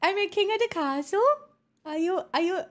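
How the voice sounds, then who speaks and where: A young woman streamer chatting with her viewers. She is gushing and excitable, and slips into soft baby talk with a dog. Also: extremely high pitch, moderate pace. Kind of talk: casual livestream chat.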